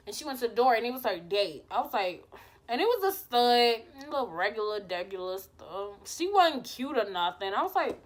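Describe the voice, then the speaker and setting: A woman's voice: high-pitched, sing-song, normal speed, fairly bright tone. A young woman vlogger telling a personal story in casual chat, acting out the quotes and swearing freely. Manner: chatty, acts out quotes, swears.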